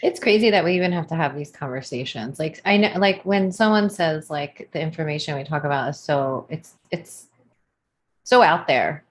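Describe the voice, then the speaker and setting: Deep-voiced woman host explaining earnestly. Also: lively intonation, moderate pace. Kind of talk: casual livestream chat.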